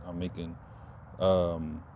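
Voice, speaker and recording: A man's voice: low-pitched, slow, dull audio, slight background noise. Laid-back young man rambling outdoors. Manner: rambling, loose, repeats himself, animated when excited. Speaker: vlogger. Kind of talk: casual talk to camera.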